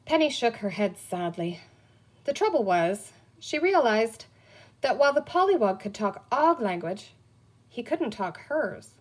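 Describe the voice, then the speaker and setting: A woman's voice: fairly high pitch, unhurried, breathy edge. A woman reading a children's book aloud, telling it expressively. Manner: expressive storytelling. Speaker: reader.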